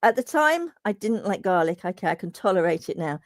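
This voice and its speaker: A woman's voice: medium pitch, very animated, a little fast, no echo, studio quality. A woman hosting a game stream, telling rambling stories in casual chat and reading viewer comments aloud. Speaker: streamer host.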